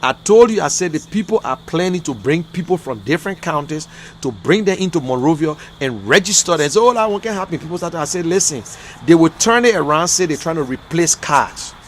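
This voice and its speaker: A man with a Liberian English accent, talking on a political livestream, emphatic and repetitive, swinging from low muttering to loud outbursts. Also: expressive, brisk, a little hiss or hum. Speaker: livestream commentator. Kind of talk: impassioned political livestream rant.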